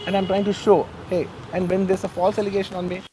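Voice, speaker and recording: A man's voice: high-pitched, little pitch movement, quick pace, dark tone, a little hiss or hum, poor audio. A man giving an earnest, emotional statement to reporters, often repeating himself. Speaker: film actor speaking to the press. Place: outdoor garden during a press meet.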